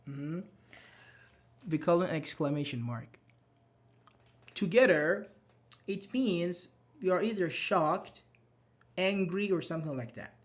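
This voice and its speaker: A man with a slightly raised voice teaches a live online English grammar class. He reads students' chat answers aloud and praises them. He sounds patient and encouraging, speaking into a computer mic. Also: on the high side.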